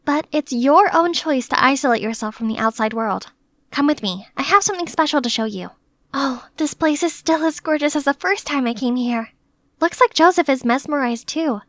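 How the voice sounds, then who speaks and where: Young woman, storybook narrator: high, bright, chatty and dramatic, dry close mic. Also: moderate pace, dry recording. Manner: chatty, animated, playfully dramatic. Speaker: narrator and maid character. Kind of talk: scripted first-person story narration.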